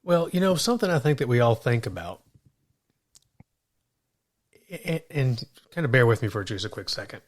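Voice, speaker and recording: A man's voice: mid-range voice, expressive, moderate pace, pauses often. A man co-hosting a Christian podcast, telling stories animatedly, stumbling and repeating words as he starts sentences. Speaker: podcast co-host. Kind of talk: faith podcast conversation.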